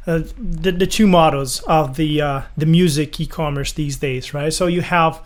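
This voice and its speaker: A man's voice: a little high, steady tone, normal speed. Easygoing podcast co-host man. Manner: hesitant, many fillers and restarts, easygoing. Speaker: podcast co-host, music producer. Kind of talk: casual podcast chat.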